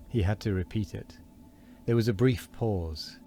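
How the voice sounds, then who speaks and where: A man reading a novel aloud at a steady, measured pace. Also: deep voice, a little hiss or hum. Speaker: streamer reading a book aloud.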